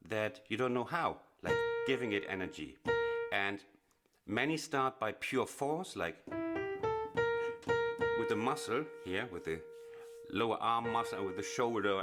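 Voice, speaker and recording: A man teaching blues piano in a chatty, explanatory way, often pausing with fillers and restarting phrases. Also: lowish voice, lively intonation. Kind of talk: casual instructional explanation. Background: piano playing.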